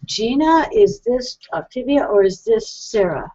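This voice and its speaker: A woman hosting a call-in show in a chatty, rambling way, often laughing at herself. Her voice sits a bit high, and the web broadcast sound is dull and lo-fi. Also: lively intonation, measured pace, mellow. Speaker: psychic radio host. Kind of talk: casual call-in show chat.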